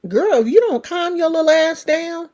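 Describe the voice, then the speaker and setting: A woman's voice: very high voice, expressive, moderate pace, darkish tone, voice pushed up. A woman voicing God as a stern but loving fatherly figure who talks bluntly, scolding and reassuring her in turn.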